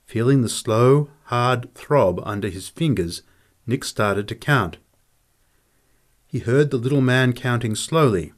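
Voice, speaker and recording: A man narrating a classic short story for an audiobook, taking his time over every line. His middle-pitched voice rises and falls expressively as he reads. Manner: slow, lively expressive reading.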